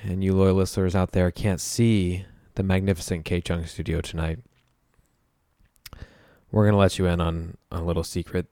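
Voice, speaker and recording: A man's voice: deep voice, little pitch movement, normal speed, warm tone, no echo. A man hosting a radio show in the studio, joking with his co-host and talking to listeners. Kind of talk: casual radio banter.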